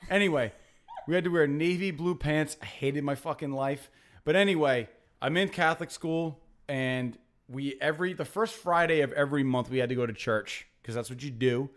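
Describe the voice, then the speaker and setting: A man's voice: fairly high pitch, normal speed. A young adult man hosting a podcast, telling a rambling story in casual banter with lots of fillers and restarts. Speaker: podcast host.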